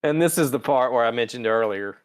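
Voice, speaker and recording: A man's voice: mid-range voice, expressive, clear, resonant tone. A man hosting a podcast, casually recapping a TV episode in a profane, storytelling way. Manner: profane, storytelling with quick character voices. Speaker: podcast host.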